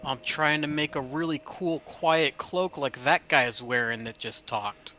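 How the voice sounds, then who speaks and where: A man's voice: a little high, unhurried, pushed and bright, a little hiss or hum. A man as a cheeky little child adventurer.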